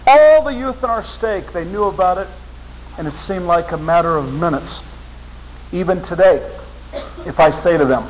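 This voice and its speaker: Speaking at normal speed in a high voice with frequent pauses, a middle-aged man who teaches seminary and gives talks shares a personal story with a religious audience. His storytelling is earnest and his voice lifts with feeling; the audio quality is poor.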